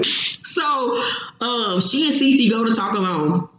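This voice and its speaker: A woman's voice: fairly high pitch, expressive, takes it slowly, a bit bright. A woman hosting a reality TV reaction recap, talking in a brash, slangy, profane way and laughing often. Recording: very echoey room, faint hiss.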